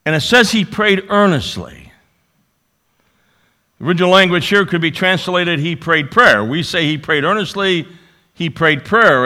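A man preaching a sermon, swinging between loud emphasis and quiet asides. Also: on the high side. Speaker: pastor.

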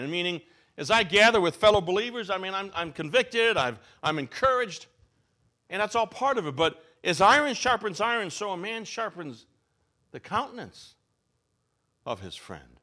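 Animated male preacher, lively pitch. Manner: expressive, rising and falling delivery with slow emphatic phrases. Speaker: pastor. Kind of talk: sermon with storytelling.

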